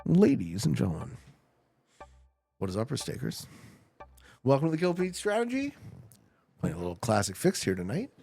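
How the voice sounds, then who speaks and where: A man's voice: medium pitch, wildly swooping pitch, a little fast, long pauses, darkish tone. A man streaming a strategy game live, commenting on his moves, laughing and chatting with his viewers.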